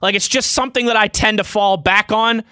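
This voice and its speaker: Bright-voiced chatty sports host. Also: male voice, high voice, fairly even intonation, fairly quick, smooth, no room sound, clean studio sound. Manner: chatty, loose, laughs easily. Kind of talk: casual chat, reading listener tweets.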